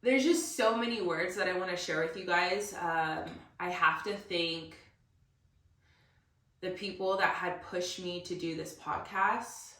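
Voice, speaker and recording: A woman's voice: lowish voice, a little slow, fairly bright tone. A woman hosting her own podcast alone, talking in an earnest, emotional, motivational way about pushing through hardship. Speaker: podcast host. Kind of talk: emotional solo podcast monologue. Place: room recorded alone. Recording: roomy echo, somewhat far from mic.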